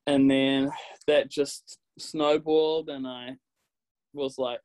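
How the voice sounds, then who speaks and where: A man's voice: mid-range voice, slow, rough recording. Young Kiwi-accented man, easygoing guest, lots of ums and laughs. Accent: New Zealand. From New Zealand. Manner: relaxed, laughs often, many ums. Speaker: guest, graphic designer. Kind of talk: casual interview chat.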